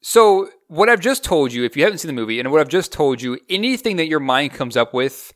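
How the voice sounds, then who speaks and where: A man's voice: fairly high pitch, sing-song, fairly quick. A young man co-hosting a movie review podcast, talking casually and critically, rambling from point to point. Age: young adult.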